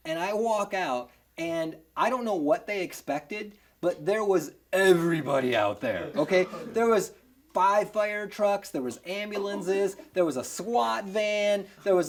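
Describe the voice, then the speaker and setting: A man telling a personal story on stage, animated and self-mocking, with lots of chatty asides. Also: high voice. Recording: live audience laughter audible.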